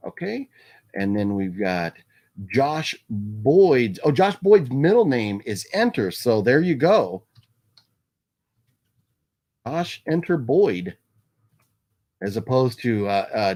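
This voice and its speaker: A man's voice: mid-range voice, very animated, slow, pauses often, darkish tone. A man hosting a casual live stream from his home, chatting loosely, reading out viewer names and laughing often. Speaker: livestream host. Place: home room with his movie collection.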